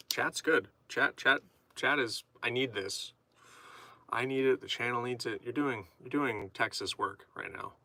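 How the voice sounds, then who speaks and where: Bright-voiced goofy male streamer. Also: medium pitch, dry recording. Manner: goofy, rambling, chatting to viewers. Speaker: streamer writing poetry with chat. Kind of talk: casual live-stream chat.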